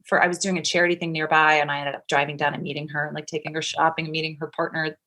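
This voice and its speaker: A woman from Kansas, a guest on a talk show, telling a personal story in a lively, chatty way and acting out what others said. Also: low voice, racing. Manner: animated, acts out quotes. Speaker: actress guest. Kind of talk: casual storytelling.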